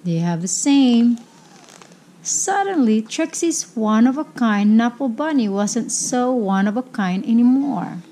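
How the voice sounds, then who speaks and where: A woman reading a children's picture book aloud, slowly and carefully. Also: on the high side, animated, dark tone. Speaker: storybook reader.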